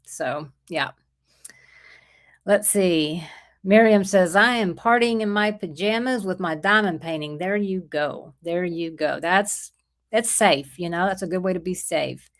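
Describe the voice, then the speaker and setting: A middle-aged woman's low, unhurried voice carries a sore throat as she hosts a casual livestream. She chats and rambles her way through viewer comments, saying hello to people by name.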